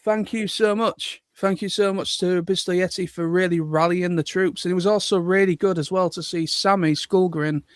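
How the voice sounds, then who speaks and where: An English man co-hosts a casual livestream chat, rambling earnestly with lots of fillers. His voice sits high, and the sound is dry and close. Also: steady tone, moderate pace, hardly any pauses, no echo. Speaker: livestream co-host.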